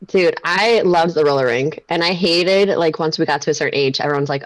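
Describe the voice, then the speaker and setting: A woman in her thirties with a very low voice and a dry, close sound. She co-hosts a casual stream, chatty and giggly, with quick asides. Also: lively intonation, dry recording, rough recording. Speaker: streamer co-host. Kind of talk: casual chat.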